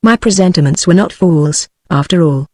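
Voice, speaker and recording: A woman's voice: lowish voice, moderate pace, warm tone, no room sound, studio quality, close to an everyday voice. A text-to-speech woman's voice with a British accent voicing a frightened young woman passenger, without changing its voice. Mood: worried. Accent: British English. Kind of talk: synthetic text-to-speech book reading.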